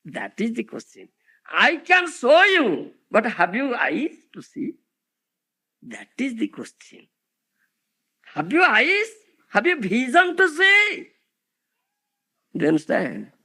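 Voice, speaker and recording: High, gravelly man giving a slow lecture. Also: wildly swooping pitch, sharp tone. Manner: rhetorical questions with frequent "huh?" and "isn't it?" to the audience. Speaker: spiritual teacher. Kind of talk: devotional lecture.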